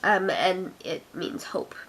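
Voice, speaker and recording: A woman from Canada with a cold, speaking in a gruff voice, chatting casually through a vlog challenge with a self-deprecating, filler-filled manner. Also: fairly low pitch, expressive, takes it slowly, a bit bright. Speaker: vlogger.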